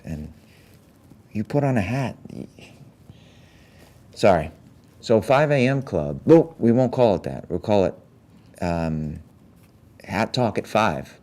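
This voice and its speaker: Man, live-stream host, very low voice, gravelly fry, self-deprecating deadpan rambling. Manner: self-deprecating, deadpan, grumbling at tech trouble. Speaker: show host.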